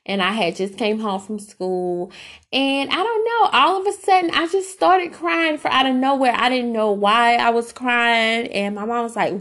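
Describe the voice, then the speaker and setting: A woman's voice: on the high side, animated, a little slow, a bit bright. A young adult woman hosting a podcast, telling personal stories in a candid, casual way with fillers and restarts. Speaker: podcast host.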